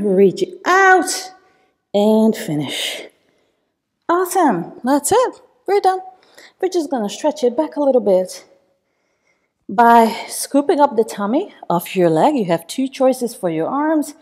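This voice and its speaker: A woman's voice: on the high side, sing-song, measured pace. A woman pilates instructor coaching a workout, encouraging and counting reps as she demonstrates, a little out of breath.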